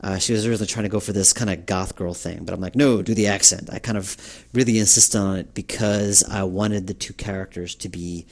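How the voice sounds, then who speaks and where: A man's voice: deep voice, steady tone, brisk, darkish tone. A man giving a developer's commentary on his game, talking in a rambling, hesitant way full of fillers. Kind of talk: director's commentary.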